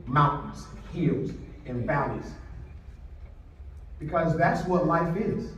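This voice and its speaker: Male speaker in a booming hall. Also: takes it slowly, dull audio, slight background noise. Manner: animated storyteller who acts out quoted voices. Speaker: motivational speaker. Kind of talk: inspirational storytelling speech. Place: large indoor hall. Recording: echoey hall from far off.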